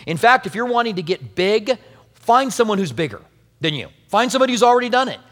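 Lively high-voiced male pastor preaching. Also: fast, in a large hall. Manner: lively, conversational, joking asides. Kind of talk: sermon.

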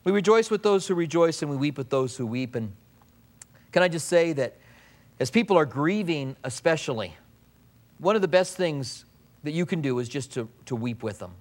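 Conversational preaching pastor, fairly high voice. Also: male voice, expressive, normal speed. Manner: conversational preaching with mimicked asides and restarts. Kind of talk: sermon.

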